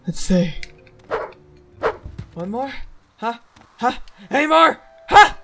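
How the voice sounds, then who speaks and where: A woman streamer with a fairly high, fairly bright voice plays a role-playing game, swearing and muttering irritably at enemies in her let's-play commentary.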